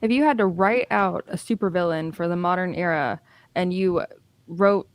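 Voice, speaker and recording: A woman with a lowish voice talks in a relaxed podcast conversation. She makes dry, sardonic remarks and laughs at her own jokes. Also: moderate pace, no room sound. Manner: sardonic, wry commentary. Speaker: podcast guest. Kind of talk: casual podcast chat.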